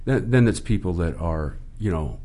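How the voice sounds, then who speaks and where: An older man who coaches voice actors, talking in a wry, joking way and swinging his pitch up and down. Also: expressive, normal speed, warm tone. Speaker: voice acting coach. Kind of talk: casual interview.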